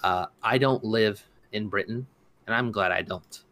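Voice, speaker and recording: A man's voice: fairly low pitch, measured pace, fairly bright tone. A man co-hosting a casual commentary podcast, rambling and indignant, with many restarts and fillers. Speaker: podcast co-host.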